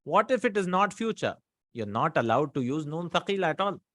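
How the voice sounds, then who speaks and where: A man teaching a grammar lesson, explaining quickly and checking in often with the students. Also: fairly high pitch, big pitch swings, fairly bright tone, dry recording. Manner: quick explaining with frequent checks like "right?" and "hmm?". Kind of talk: recorded online lesson.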